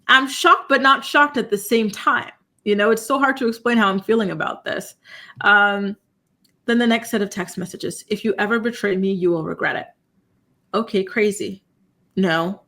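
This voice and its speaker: A woman with a slightly high voice hosts a casual live-stream commentary and talks straight to her viewers. She sounds incredulous and animated, and she drops "you know" and "y'all" all the way through. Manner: incredulous, animated, reacts to chat. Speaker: commentary channel host.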